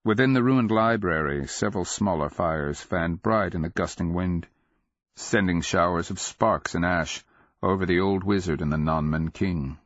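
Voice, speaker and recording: A man narrating a fantasy audiobook in a measured, grave, deliberate way. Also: low-pitched, no echo. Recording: dull lo-fi audio.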